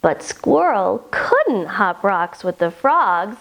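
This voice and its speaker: A woman leading a children's yoga storytime, guiding gently and playfully. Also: medium pitch, lively intonation, vocal fry. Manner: gentle, playful, slow sing-song guiding. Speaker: kids' yoga story teacher.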